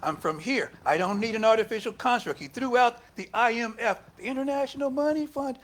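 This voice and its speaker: A man with a notably high voice delivers a sermon in a loose, conversational way. He swings from hushed, almost whispered asides up to loud, emphatic bursts when he acts out what others said. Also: brisk, few pauses. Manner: conversational preaching, rising to emphatic quoted speech and dropping to near whispers. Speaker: speaker at a spiritual center service. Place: church hall.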